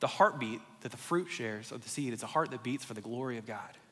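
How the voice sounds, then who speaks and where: A man's voice: medium pitch, brisk. A man in his thirties preaching a sermon, explaining scripture and telling stories with acted-out quotes. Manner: animated storyteller, acts out quotes. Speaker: pastor. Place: church sanctuary. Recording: long hall reverb.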